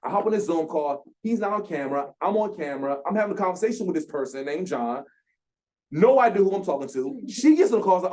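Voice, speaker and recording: Man, 30s, workshop speaker, lively storyteller who acts out the voices. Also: high voice, fast talker. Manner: animated, acts out quotes with slang. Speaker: guest speaker, founder. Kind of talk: storytelling talk. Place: lecture room.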